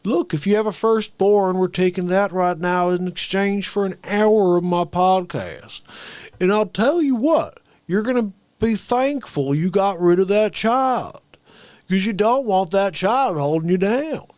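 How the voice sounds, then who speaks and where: A man's voice: high voice, a little slow, darkish tone, no echo. A man impersonating a folksy, boastful TV advice doctor who talks over the top in a salesy drawl. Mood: pitching.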